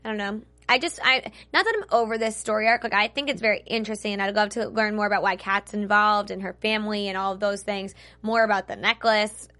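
Bright-voiced woman giving her opinions. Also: medium pitch, fairly even intonation, quick pace, few pauses. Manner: earnest, opinionated, thinks aloud with fillers. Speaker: podcast co-host. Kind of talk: casual TV recap chat.

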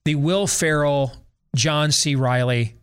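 A man's voice: a little high, slow pace, fairly bright tone, clean tone. A middle-aged man hosting a talk show, giving a sarcastic, exasperated and emphatic rant about a film. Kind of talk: opinionated movie-review rant.

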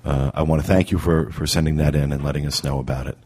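Male podcast host, very low and husky, halting and filler-heavy delivery. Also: fairly even intonation, a little mellow. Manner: halting, full of fillers and restarts. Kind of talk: casual podcast talk.

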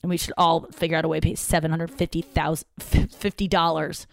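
A woman's voice: low voice, little pitch movement, a little fast, creaky, no echo. A young woman talking casually to her audience in a rambling, candid, self-deprecating way, swearing freely. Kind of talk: casual talking-to-camera monologue.

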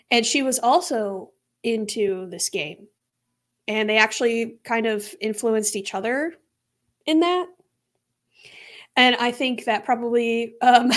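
A young woman co-hosting a true crime podcast in casual chat, laughing often as she talks. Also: fairly high pitch. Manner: giggly, laughs often mid-sentence. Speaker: podcast co-host.

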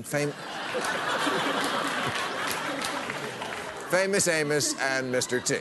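A man delivering a sarcastic comedy monologue as a late-night host, mocking with punchlines before a live audience. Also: fairly high pitch. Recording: live studio audience with crowd noise.

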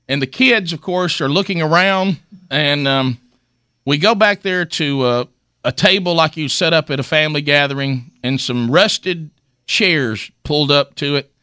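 Bright-voiced man telling a comic story. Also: a little high, unhurried, clear, resonant tone, no echo, clean studio sound. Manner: animated, self-mocking, acts out quotes. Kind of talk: comic storytelling on talk radio.

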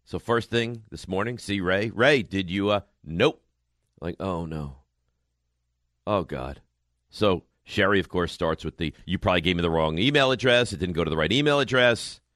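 Lively low-voiced male sports radio host. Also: a little fast, no room sound, studio quality. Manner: animated, teasing, storytelling with acted quotes. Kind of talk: casual sports radio banter.

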